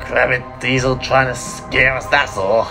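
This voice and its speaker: A man doing a gruff, huffy steam engine from a storybook, wary of everyone, voice swinging up and down a lot, some soft music underneath. He snaps and grumbles. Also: mid-range voice, animated, a little slow, close to an everyday voice. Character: gruff proud Scottish steam engine, male. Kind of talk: audiobook fan story reading.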